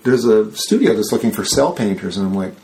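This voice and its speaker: A man in a casual interview, telling a rambling, animated story and acting out the people he quotes. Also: on the low side, a little fast. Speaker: guest.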